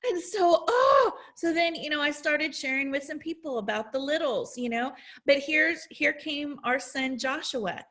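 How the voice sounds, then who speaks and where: A woman in her forties, an essential oils educator, gives a faith-filled testimonial. Her high-pitched voice moves at a moderate pace as she tells her stories in an animated, exclamatory way.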